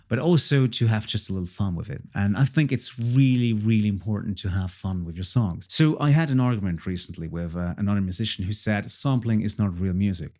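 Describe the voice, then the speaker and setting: This fairly low, somewhat dark male voice belongs to a producer giving a relaxed tutorial-style tour of his own track. He chats along, often repeats points, and uses plenty of filler words.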